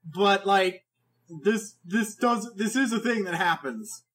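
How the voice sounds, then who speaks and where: A podcast co-host chatting casually, often cutting into the others with jokes. The voice sits at an everyday middle pitch and keeps a plain conversational delivery. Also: animated, slow, crowd noise. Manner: interjecting, joking, talks over others.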